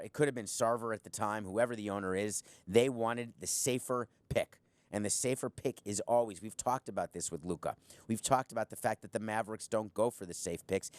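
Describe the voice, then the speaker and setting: A man's voice: lowish voice, dry recording. A middle-aged man hosting a sports commentary show from a studio, sarcastic and emphatic, speaking straight to the viewer. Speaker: show host, former team owner. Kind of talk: opinionated sports commentary monologue.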